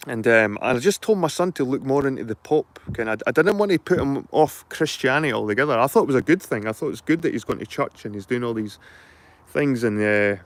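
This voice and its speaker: Rambling Scottish dad chatting to viewers. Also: male voice, mid-range voice, lively intonation, brisk. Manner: rambling, repeats himself, swears freely. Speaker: channel host. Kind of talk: casual chat to viewers.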